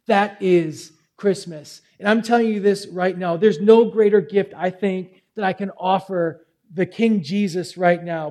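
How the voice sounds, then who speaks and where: Man preaching, high voice, mellow tone, earnest, rising and dropping volume. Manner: earnest, pleading, swings between loud and quiet. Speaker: pastor. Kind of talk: sermon. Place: church service.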